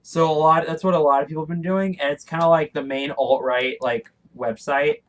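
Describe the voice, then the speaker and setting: A young man co-hosts a loose political chat, rushing through his points with plenty of "like" and "um". His voice sits a little above the usual male range. Keyboard typing can be heard faintly behind him. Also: on the high side, steady tone, fairly bright tone, poor audio. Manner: talks fast with many fillers and restarts. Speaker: podcast co-host.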